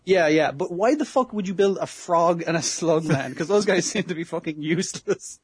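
A man with a husky voice, sitting a touch above the usual pitch for a man, chats loosely about a cartoon episode. He laughs often, swears casually, and restarts his sentences as he goes. The sound is dry and close. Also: normal speed, no echo. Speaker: podcast co-host. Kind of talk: casual anime recap chat.

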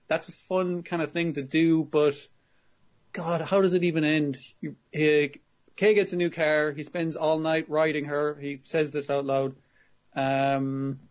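Animated man retelling scenes on lo-fi audio. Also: fairly high pitch. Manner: animated retelling with acted-out quotes, frequent swearing. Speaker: podcast co-host reviewing anime. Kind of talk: casual chat. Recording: dull lo-fi audio.

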